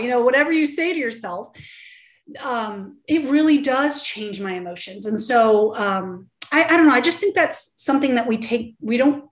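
A woman in her thirties talks earnestly as a podcast guest, encouraging and quick to laugh. Her voice sits fairly high, and an echoey room surrounds her. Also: lively intonation. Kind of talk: casual interview talk. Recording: roomy echo.

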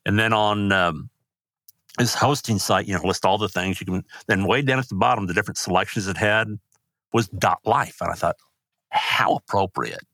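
Grieving older man, low dry voice. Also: fairly bright tone, dry recording. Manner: halting, grief-stricken, voice rising when angry. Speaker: guest. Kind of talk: emotional interview talk.

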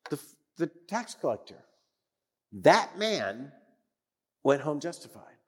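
Man, preacher, emphatic sermon, somewhat high voice, long church reverb, loud then hushed. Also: very animated, takes it slowly, slightly rough. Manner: emphatic, repeats phrases for weight, swings from loud to hushed.

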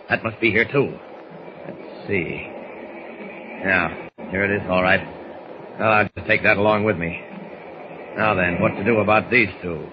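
An actor playing a calm, commanding adult male superhero, steady and reassuring, in 1940s radio acting. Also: lowish voice, close to an everyday voice. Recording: hissy dull old radio recording.

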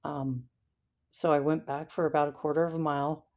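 A woman as an interview guest, telling her story in a halting way with frequent fillers. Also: sits low, flat delivery, darkish tone. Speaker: interview guest recounting a hike.

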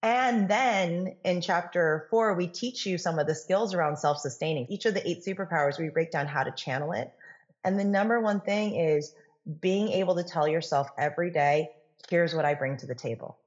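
A woman author as a podcast guest, talking in an energetic coaching tone and acting out the voices she quotes. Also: fairly low pitch, normal speed, lo-fi sound. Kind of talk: conversational podcast interview.

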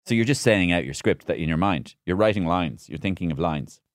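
A man's voice: low-pitched, expressive, brisk, dry recording, clean studio sound. A middle-aged Irish man, a comedian and impressionist, chatting casually in an interview and slipping into impressions mid-sentence.

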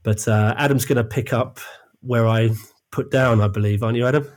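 A man's voice: mid-range voice, fairly even intonation, fairly quick. A man in his thirties hosting a podcast in casual chat, his voice nasal and stuffy from a cold, laughing easily as he talks. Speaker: podcast host.

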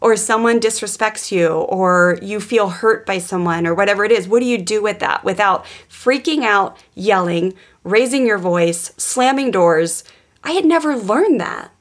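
A woman podcast co-host telling a personal parenting story in an earnest, animated way, with many restarts and fillers. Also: medium pitch, moderate pace. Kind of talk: personal storytelling in casual chat.

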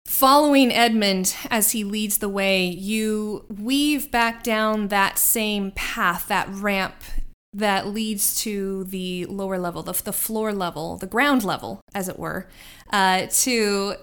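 A woman's voice: mid-range voice, takes it slowly, few pauses, fairly bright tone, clear, resonant tone. A woman narrating a tabletop game as game master, descriptive and rambling with restarts.

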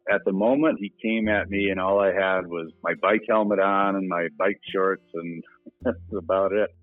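A plainspoken man with a very low voice tells his own story casually and laughs now and then. He sounds thin and phone-like, dry and close, with faint music behind him. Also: steady tone, moderate pace, no room sound. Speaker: interview guest. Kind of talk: casual recounting.

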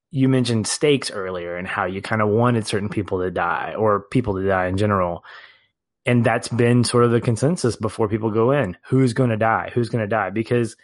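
A man co-hosting a podcast, talking through a film in casual discussion, animated at times and laughing as he reflects. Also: lowish voice, dry recording. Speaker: podcast co-host.

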